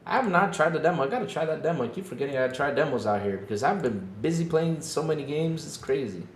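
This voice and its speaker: A man's voice: a little high, expressive, quick pace, reverberant, a little hiss or hum. A man hosting a casual livestream, joking with the chat and playing up mock hurt, laughing often. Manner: playful, self-mocking, laughs often, mock-whiny. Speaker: livestream podcast host. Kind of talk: casual live-chat banter.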